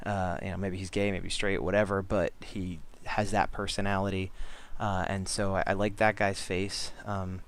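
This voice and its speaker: A man's voice: sits low, little pitch movement, moderate pace, few pauses. Rambling man chatting over his drawing. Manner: rambling, many fillers and restarts. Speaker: comic artist vlogger. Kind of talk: casual chat over drawing.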